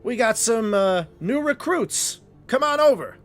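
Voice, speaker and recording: A man voicing a big, hairy male bugbear who greets newcomers loudly and jovially. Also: very high voice, lively intonation, a little slow, faint music behind, pitched above the performer's own voice. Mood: boisterous. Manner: loud, jovial barking greetings.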